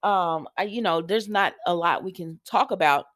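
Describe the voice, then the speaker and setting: A woman's voice: lowish voice, moderate pace. A woman giving a casual, opinionated recap of a soap opera episode, chatty and full of fillers. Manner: chatty, opinionated, frequent fillers like um and you know.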